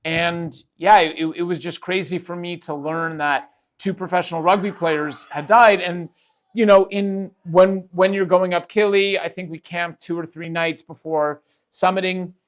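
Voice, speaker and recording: A man's voice: high voice, fairly even intonation, unhurried. A male podcast host telling a casual story, rambling and restarting his sentences often. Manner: rambling, with frequent restarts and fillers.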